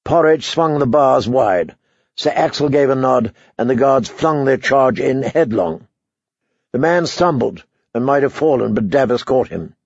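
A man narrating a story as an audiobook reader, in a measured, even way. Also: medium pitch, no room sound, muffled recording. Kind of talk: scripted narration.

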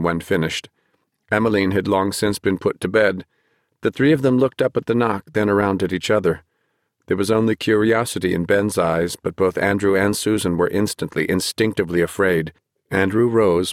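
Deep-voiced man narrating an audiobook. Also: steady tone, normal speed, no room sound, clean studio sound. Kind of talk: scripted narration.

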